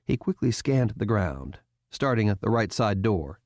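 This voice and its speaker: In this scripted audiobook narration, a fairly low-voiced man tells the story at an even, measured pace. The sound is dry and clean, clearly from a studio.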